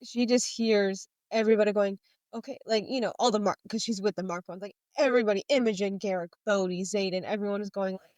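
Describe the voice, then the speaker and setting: A woman's voice: mid-range voice, quick pace, darkish tone, no room sound. Chatty woman co-host, dry close sound. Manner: chatty, retells scenes, reads quotes aloud. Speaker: podcast co-host. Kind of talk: casual book discussion.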